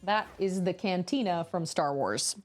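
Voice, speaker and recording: A woman's voice: fairly low pitch, measured pace, a little mellow, faint music behind. A woman streaming a video game, chatting in a rambling, exclamatory way while she plays. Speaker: gaming streamer. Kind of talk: casual chat while playing.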